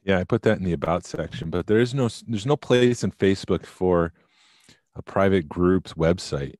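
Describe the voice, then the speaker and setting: A man co-hosting a collectibles podcast in casual chat, tired and halting with many ums. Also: low-pitched, lively intonation, a little mellow, dry recording, studio quality. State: sleepy. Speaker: podcast co-host.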